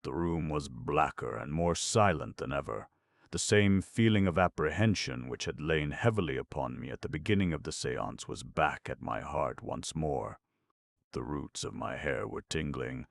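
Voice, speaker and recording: A man narrating a ghost story in a measured, dramatic reading. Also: rumbling low, lively intonation, creaky, dry recording, clean studio sound. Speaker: audiobook narrator.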